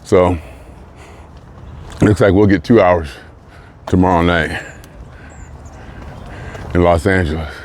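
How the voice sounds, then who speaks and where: Low-voiced winded man rambling on a walk. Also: steady tone, slow pace, long pauses, darkish tone, a little hiss or hum. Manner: rambling, reflective, restarts phrases. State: out of breath. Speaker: vlogger. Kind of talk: casual spoken monologue while walking. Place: outdoors on a walk in the sun.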